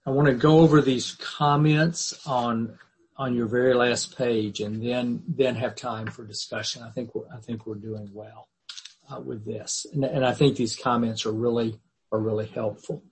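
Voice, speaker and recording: A man reading scripture aloud and then lecturing to a class in a measured, thoughtful way, often restarting his sentences. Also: medium pitch, fairly even intonation, a little hiss or hum, rough recording. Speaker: teacher of a Bible class.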